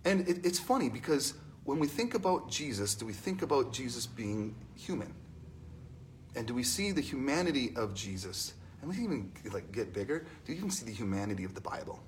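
A man preaching a conversational sermon in an animated, storytelling way, asking the congregation questions. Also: mid-range voice, a little hiss or hum.

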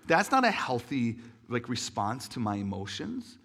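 A man's voice: medium pitch, big pitch swings, measured pace, fairly bright tone, breathy edge. A man in his thirties telling a personal story in an earnest, emotional sermon, with many restarts and fillers.

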